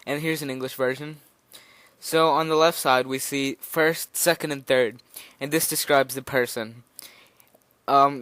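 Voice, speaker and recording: A man's voice: medium pitch, a bit bright, clean tone, dry recording. A nervous young man giving an informal spoken language lesson, rambling a little with fillers and restarts as he explains. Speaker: language teacher.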